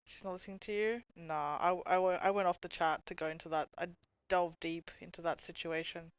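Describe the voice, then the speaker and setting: Lowish-voiced woman streamer, dry sound. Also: fairly even intonation, brisk, smooth, no echo. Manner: swears freely, laughs a lot; thinks aloud while searching. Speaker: livestreamer reading chat. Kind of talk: casual livestream chat.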